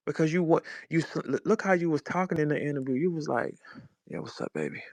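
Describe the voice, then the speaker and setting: A slightly high, darkish voice comes fast from a St. Louis man in his forties, a rapper heatedly ranting in an audio chat room. The recording is dry; he's on a phone in the online room, profane and confrontational.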